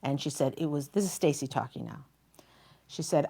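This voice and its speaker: A woman's voice: low-pitched, normal speed, mellow, slightly rough. A woman talk show host retelling a story in a chatty, emotional way, with many fillers. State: near tears.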